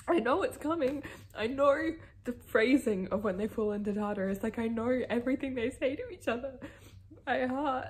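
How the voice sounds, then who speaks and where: A woman's voice: a little high, normal speed, darkish tone, a little hiss or hum. Chatty young woman reading aloud. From Australia. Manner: emotional, chatty, swears freely, reads passages aloud. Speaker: book vlogger. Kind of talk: casual reading reaction vlog.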